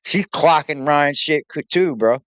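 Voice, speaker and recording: A man's voice: on the high side, measured pace, a bit bright, clean tone, no echo. A man hosting a reaction show, casual, profane and mocking, laughing often. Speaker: reaction channel host.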